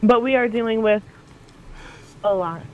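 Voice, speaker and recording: An earnest young adventurer speaks in a very high, slightly muffled voice, as a man plays her at the table. She reassures everyone with a sincere, hurried manner. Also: a little hiss or hum.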